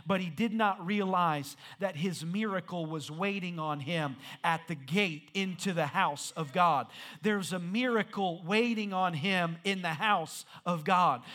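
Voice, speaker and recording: High, bright-voiced preaching man. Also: a little slow. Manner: rhythmic repetition building to shouted peaks. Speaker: pastor. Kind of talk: sermon.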